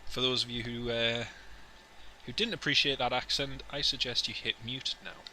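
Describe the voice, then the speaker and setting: A man chats casually and jokily with his live-stream viewers, wandering off on tangents between radio calls. His voice sits in a middle pitch over a clear, steady background hum. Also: moderate pace, rough recording. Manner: chatty, jokey, rambling asides to viewers. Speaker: flight sim streamer.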